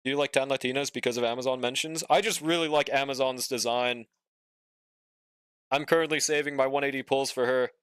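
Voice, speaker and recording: Chatting casually with viewers mid-game, a young male streamer speaks fairly quickly in a mid-range, steady voice with a fairly bright, clear, resonant tone. He's drowsy and yawning, drawls lazily, swears often, and answers chat as he reads it. It's a studio-quality recording with no room sound.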